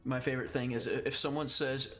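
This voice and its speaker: A man's voice: medium pitch, little pitch movement, fairly quick, fairly bright tone. A man chatting casually on a gaming stream who often laughs through his own stories and swears freely.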